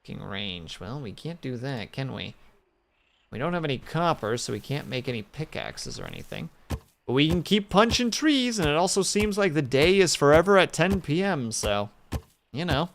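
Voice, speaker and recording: Playful, animated man streaming a game. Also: a little high, moderate pace, gravelly, a little hiss or hum. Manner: joking, playful asides to chat. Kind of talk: casual gameplay chat.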